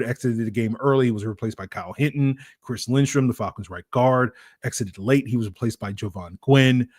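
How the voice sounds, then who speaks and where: A man's voice: mid-range voice, a little mellow, no echo, clean studio sound. A man hosting a sports podcast, breaking down a game in a chatty, rambling, self-mocking way. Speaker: podcast host. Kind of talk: casual sports analysis.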